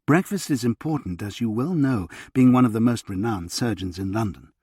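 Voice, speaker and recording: A man voicing a brisk, caring young woman who keeps a household in order. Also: mid-range voice, animated, mellow, husky, no echo, clean studio sound. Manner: brisk, motherly.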